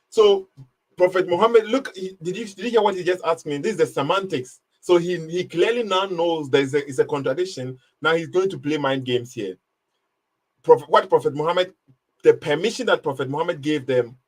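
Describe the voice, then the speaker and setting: A man hosts a live online debate, pressing his points hard and mocking the other side. His voice sits a little higher than most men's. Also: fairly quick. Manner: mocking, emphatic, laughs at the caller. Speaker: live stream host. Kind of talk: casual live debate commentary.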